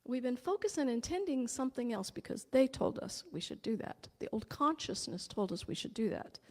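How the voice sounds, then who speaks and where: A woman's voice: fairly high pitch, big pitch swings, brisk, in a large hall. A woman who is a spiritual teacher and channeler, giving an enthusiastic, joyful inspirational talk.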